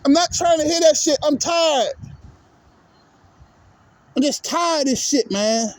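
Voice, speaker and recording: A vlogger with a very high voice angrily rants to his viewers about sports, swearing, sounding exasperated and repeating himself. He speaks at a measured pace in a dry recording.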